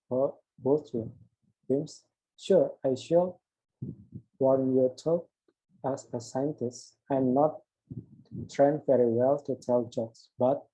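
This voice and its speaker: Presenting an assignment, this young man reads both the host's and guest's lines from an interview script, often tripping over words and starting again. He has a warm, husky voice at medium pitch, captured on poor audio.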